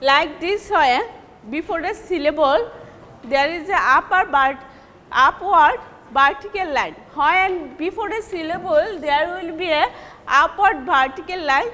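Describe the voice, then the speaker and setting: A woman teacher with a Bangladeshi accent giving a recorded English lecture, repeating and stressing example words deliberately. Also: very high voice, bright, forceful tone, big-room sound.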